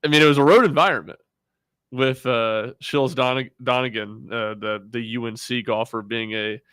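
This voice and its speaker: A man co-hosting a sports radio show, speaking in a measured, halting way with many fillers. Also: medium pitch, a bit bright, smooth, no room sound. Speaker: sports radio co-host, team reporter. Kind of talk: casual sports radio talk.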